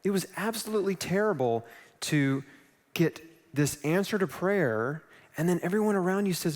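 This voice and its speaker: Man telling his story in an echoing hall. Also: sits high. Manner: animated, self-deprecating, quick asides to the audience. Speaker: speaker at a live event. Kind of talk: storytelling talk to a live audience. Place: large event hall on stage. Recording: long hall reverb.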